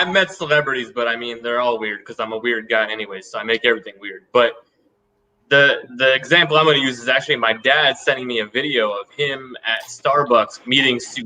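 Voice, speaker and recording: A man's voice: medium pitch, pushed and bright, poor audio. A man in casual podcast chat, offhand and self-deprecating. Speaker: podcast co-host.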